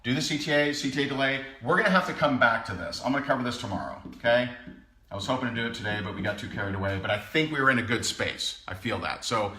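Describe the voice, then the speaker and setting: A man's voice: mid-range voice, fast talker. A man coaching live in a casual way, telling stories with emphasis and frequent chuckles. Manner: animated storyteller, emphatic, chuckles often. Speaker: sales coach. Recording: echoey room.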